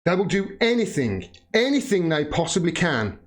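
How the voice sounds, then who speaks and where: A man's voice: fairly high pitch, very animated, moderate pace. A British man in his forties hosting a political livestream, ranting angrily with frequent swearing and bursts of laughter. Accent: British English. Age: 40s. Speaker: political YouTube host.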